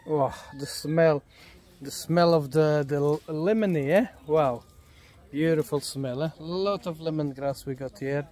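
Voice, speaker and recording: A man's voice: a little high, measured pace, a little mellow. A man giving an enthusiastic, casual vlog tour of his farm outdoors, often ending his sentences with "eh?". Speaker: vlogger showing his farm. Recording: outdoor farm noise behind. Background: chickens, roosters and birds.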